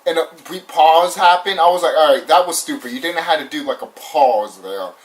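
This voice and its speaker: A young man casually ranting through a movie review, animated and repetitive, swearing often and laughing now and then. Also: on the high side, moderate pace, slight background noise. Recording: voice somewhat far from the mic.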